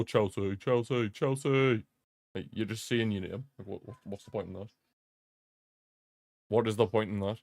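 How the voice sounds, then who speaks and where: Young man, low voice, chatty streamer. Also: dry recording, studio quality. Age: young adult. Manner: chatty, laughs often, repeats himself, jokey rants. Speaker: streamer hosting a football watch-along. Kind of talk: live match commentary and casual chat. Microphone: streaming desk mic.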